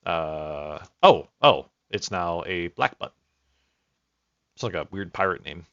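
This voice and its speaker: Bright rambling male streamer. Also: low voice, slow, dry recording. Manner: rambling, restarts and swears, excitable. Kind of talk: casual gaming commentary. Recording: dull lo-fi dry mic.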